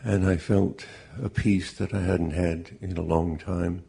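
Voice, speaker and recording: A man with a very low, gravelly voice and a dark, husky tone tells his story. He speaks slowly, earnest and measured, like a grieving father giving testimony. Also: level tone. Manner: slow, measured, deeply earnest.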